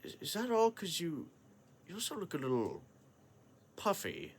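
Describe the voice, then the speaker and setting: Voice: medium pitch, wildly swooping pitch, moderate pace, creaky, breathy edge, full character voice. A young actor playing a rich, forgetful father who blusters and stammers, in a school play over a video call. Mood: gruff. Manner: blustering, stammering, snaps then coos. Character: rich, forgetful old father, gruff and doting.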